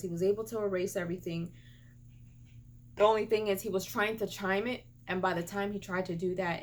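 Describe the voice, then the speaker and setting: Emotional woman telling a storytime vlog. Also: fairly low pitch. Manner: emotional, animated retelling with repeated stumbles and restarts; indignant, scolding rant. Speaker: beauty and gaming vlogger.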